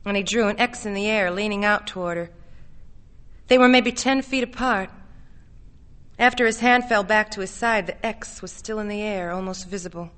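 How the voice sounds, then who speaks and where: A woman giving a measured, steady reading of a literary short story. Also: mid-range voice. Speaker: reader.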